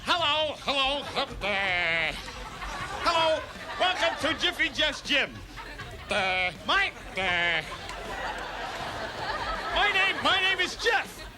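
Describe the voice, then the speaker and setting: A man's voice: very high-pitched, big pitch swings, slow pace, long pauses, heavily acted. A comedian playing a nervous, giggling male gym owner who stammers his way through a greeting, from an archive stage clip. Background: loud crowd and music.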